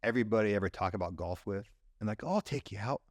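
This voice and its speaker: A man's voice: lowish voice, expressive, rapid-fire, no echo, studio quality. A man co-hosting a podcast who talks in a wry, self-mocking way. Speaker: podcast co-host. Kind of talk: casual chat.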